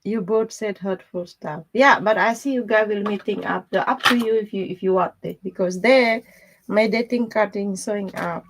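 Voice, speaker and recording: A woman's voice: medium pitch, moderate pace, slight background noise. A woman giving a casual live-stream tarot reading, talking bluntly in loose, broken grammar and laughing often. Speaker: tarot reader.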